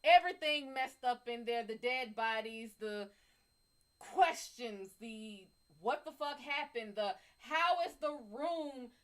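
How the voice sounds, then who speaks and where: High-voiced woman hosting a live psychic reading. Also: slow. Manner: animated, profane, laughing. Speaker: psychic reader, live stream host.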